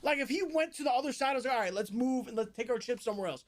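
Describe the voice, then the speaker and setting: A young male streamer with a notably high voice tells a wild night-out story to his chat. He races through some parts, drags others out, and cusses constantly. At the big moments he bursts into full shouting. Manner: animated, swears a lot, jumps between fast narration and loud outbursts. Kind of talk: casual storytelling to a live stream audience.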